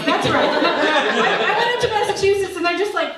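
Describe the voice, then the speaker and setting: A woman's voice: very high voice, sing-song, slow pace, long pauses, heavy background noise. A woman comedian performing a stand-up set on a comedy club stage, with dry, self-mocking delivery. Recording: echoey room captured from far off.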